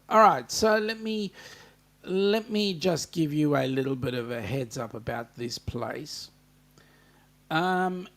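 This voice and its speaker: A man's voice: high-pitched, vocal fry. A man with an Australian accent hosting a casual livestream, reading out and answering viewer comments. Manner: reads viewer comments aloud, greets chatters by name. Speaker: livestream host.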